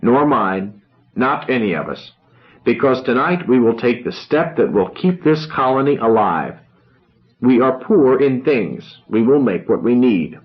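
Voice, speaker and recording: A man reading a novel aloud, voicing a grandiose young orator who speaks solemnly with dramatic pauses. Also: mid-range voice, lively intonation, muffled recording, close to an everyday voice.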